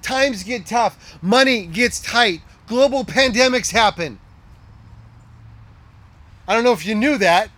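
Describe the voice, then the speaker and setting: A middle-aged man preaching a sermon as a pastor, emphatic and repeating his key lines, dropping to a hush at times. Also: extremely high pitch, expressive, slow, long pauses, no room sound.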